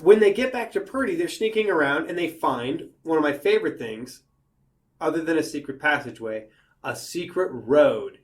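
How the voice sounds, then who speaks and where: A man's voice: a little high, normal speed. A man hosting a casual comedy podcast, recapping a book's plot and acting out the characters as he goes. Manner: animated storyteller, recaps plot and acts out characters. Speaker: podcast host. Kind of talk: casual comedic book discussion.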